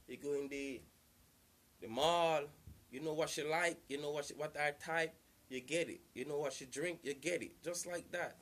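A man's voice: on the high side, normal speed, fairly bright tone. A man giving casual relationship advice to the camera, earnest and repetitive, circling back to the same points.

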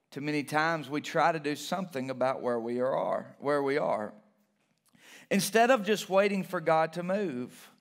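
A man's voice: a little high, fairly bright tone. A male pastor preaching a passionate sermon in a church, repeating key phrases and building emphasis. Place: church sanctuary.

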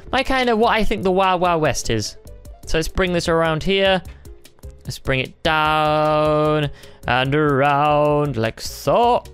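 A young man chatting excitably as he narrates a timed building game, thinking aloud in a casual commentary style. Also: fairly high pitch, clean tone. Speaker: gaming YouTuber.

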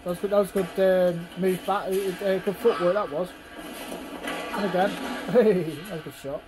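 A man's voice: high-pitched, fairly even intonation, normal speed, over music, low-quality recording. A man giving casual reaction commentary over fight footage, chatty and constantly prompting the viewer to look.

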